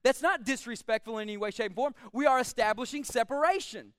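A man delivers a sermon from the pulpit. His voice sits very high and comes through smooth and clear. He speaks emphatically and swells to shouts on his strongest points, recorded dry and up close. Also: fast talker, dry recording. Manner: emphatic, rising to shouts on key phrases. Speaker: pastor.

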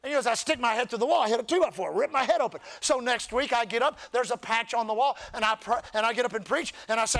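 A male pastor preaching a sermon at a church service, often building to shouts and calling for the congregation to answer back. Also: very high voice, quick pace, hardly any pauses. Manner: preaching, often rising to shouts with crowd call-and-response.

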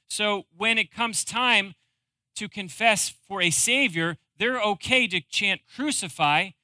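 Bright, high-voiced man preaching casually. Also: no room sound. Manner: casual, conversational preaching with frequent fillers. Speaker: pastor. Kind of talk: sermon.

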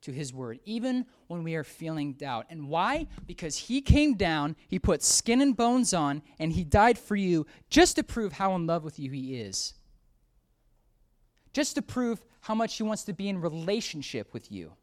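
A preacher delivering a sermon with a conversational, animated energy. The voice sinks low and quiet for reflective points, then jumps up loud and high in excited outbursts. Quoted characters are acted out with playful shifts of tone. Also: normal speed. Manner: lively, swings from hushed to excited outbursts, acts out quoted voices.

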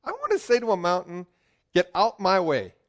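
Man, preacher, high voice, very expressive, jokes with the crowd. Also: normal speed. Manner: joking, asks the crowd questions, swings from loud calls to quiet asides. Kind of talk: lively sermon to a congregation.

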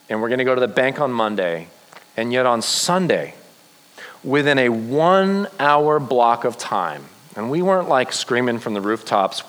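A man preaching a sermon to young people, telling a Bible story with lively acted-out quotes. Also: medium pitch, measured pace, big-room sound. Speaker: youth pastor.

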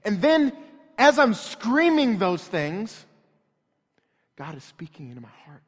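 A man's voice: high voice, very animated, a little slow. A man in his thirties preaching a sermon in a church, telling a story in an earnest, conversational way. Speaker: pastor. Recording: long hall reverb.

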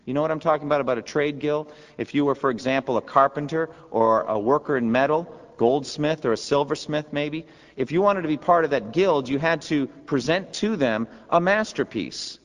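A man's voice: fairly high pitch, moderate pace. Pastor guy preaching earnest in a church, big echoey reverb on him. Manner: earnest, emphatic preaching with rhetorical questions. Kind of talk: sermon. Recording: long hall reverb.

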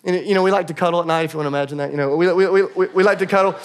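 Pastor guy, high voice, chatty sermon w/ jokey asides at his own expense. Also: steady tone. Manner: conversational, self-deprecating humor, quick asides.

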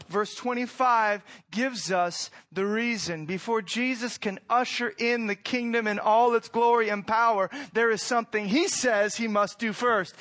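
A man giving a sermon as pastor, preaching in a conversational way, asking rhetorical questions and moving between quiet and loud passages. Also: sits high, steady tone, moderate pace, few pauses.

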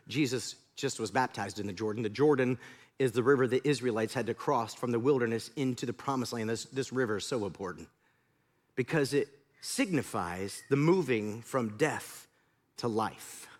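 A man preaching a sermon, telling the story in an animated way and swinging from loud to hushed. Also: mid-range voice, normal speed. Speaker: pastor.

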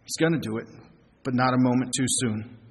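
A middle-aged man preaching a sermon as a pastor, earnest, asking rhetorical questions and slowing down for emphasis. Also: medium pitch. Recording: long hall reverb, faint noise.

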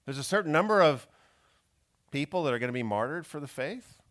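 A male pastor delivering a sermon. His voice rises and falls in a lively way as he reads scripture and dramatizes its cries for justice. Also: fairly high pitch, brisk. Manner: expressive preaching, acting out pleading questions.

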